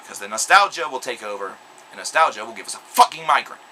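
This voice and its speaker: A man's voice: mid-range voice, expressive, fast, bright, forceful tone, slight background noise, low-quality recording. A young man delivering an angry, sarcastic, profanity-laced vlog rant. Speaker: video blogger. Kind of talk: ranting vlog monologue.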